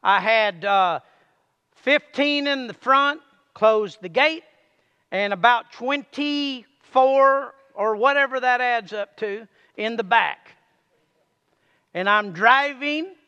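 A man preaching a sermon to a congregation, calling for amens and reading scripture aloud slowly. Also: very high voice, sharp tone, smooth, in a large hall, lo-fi sound. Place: church sanctuary.

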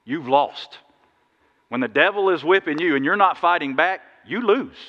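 A man preaching a sermon, telling stories in a lively, animated way with sudden loud bursts. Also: a little high, normal speed. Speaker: pastor. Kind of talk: sermon with storytelling. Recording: dull sound in a big reverberant hall.

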